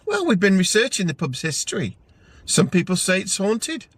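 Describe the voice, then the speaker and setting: A man's voice: sits high, wildly swooping pitch, normal speed, fairly bright tone, pitched above the performer's own voice, full character voice. A man voicing an awkward young male ghost hunter with a South Welsh accent, earnest and defensive.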